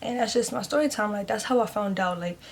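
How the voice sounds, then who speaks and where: A woman in a casual vlog tells a personal story straight to her viewers, chatty and open, leaning on "like" and "y'all" in almost every breath. Her pitch sits at an ordinary middle height for a woman, with a faint hiss of background noise under the talk. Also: fast. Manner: chatty, heavy use of "like", addresses viewers as "y'all"; emotional, speaks openly and earnestly. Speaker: vlogger telling her story.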